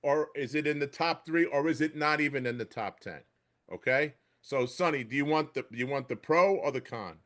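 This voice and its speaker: A man's voice: mid-range voice, brisk, fairly bright tone. A man hosting a podcast, jokey and laughing as he sets up segments. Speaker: podcast host. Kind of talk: casual podcast chat.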